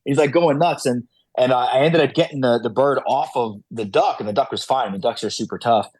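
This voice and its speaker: A man's voice: mid-range voice, fairly quick, darkish tone, husky, no echo. A man guest on a podcast, telling hunting stories casually, with many fillers and restarts. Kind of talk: casual storytelling.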